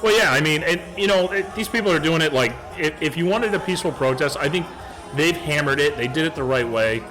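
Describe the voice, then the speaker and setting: A man co-hosting a podcast, chatting casually in a mocking, animated way. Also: fairly high pitch, brisk, music in the background. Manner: mocking, animated, laughs often. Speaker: podcast co-host. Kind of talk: casual political chat.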